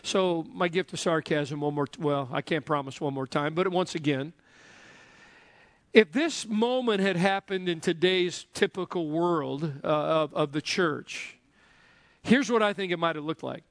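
A man's voice: fairly high pitch, measured pace, no room sound, studio quality. A man preaching a sermon in a joking, conversational way, often checking in with the congregation. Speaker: pastor.

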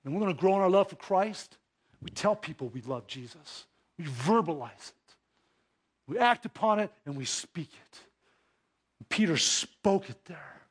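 High-voiced male pastor preaching. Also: animated, a little slow, slightly rough. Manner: swings between hushed low asides and raised emphatic exhortation; addresses the congregation directly with rhetorical questions. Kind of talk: sermon.

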